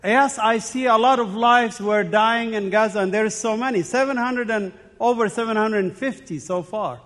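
With a high-pitched, slightly bright voice at a moderate pace, a Middle Eastern man serves as guest preacher in a church sanctuary. Earnest and personal, he tells stories and chuckles between points of his sermon, with long church hall reverb on the recording.

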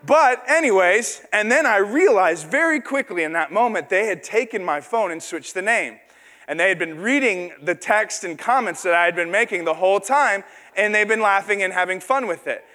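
A man preaches in a large hall, and his high, bright voice rings out into a long reverb. He tells a story that pokes fun at himself and puts on the voices of the people in it. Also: expressive, moderate pace. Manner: self-deprecating storytelling, acts out quoted voices. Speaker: pastor. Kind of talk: sermon with personal story.

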